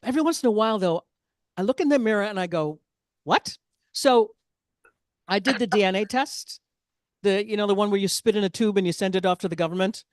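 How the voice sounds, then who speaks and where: A woman's voice: mid-range voice, fast, darkish tone, no echo. Chatty woman doing stand-up, dry sound. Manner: chatty, self-deprecating, asides to the audience. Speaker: stand-up comedian. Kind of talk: stand-up comedy set.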